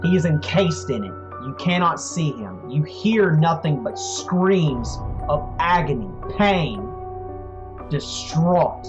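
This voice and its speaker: A man narrating as game master of a tabletop game, telling the story in a slow, measured way. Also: fairly high pitch, expressive. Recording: dull lo-fi audio, faint music.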